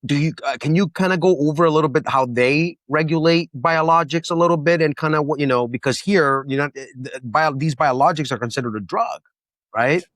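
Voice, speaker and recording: A man hosting an interview podcast who asks casual, halting questions. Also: a little high, fairly bright tone, no room sound, clean studio sound. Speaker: podcast host. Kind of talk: interview conversation.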